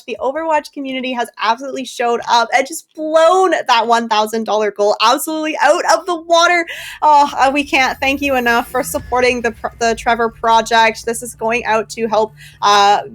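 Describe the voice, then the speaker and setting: An upbeat woman casting a live game, enthusiastic and warm-hearted in her commentary, with faint music behind. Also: sits high. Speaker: esports caster.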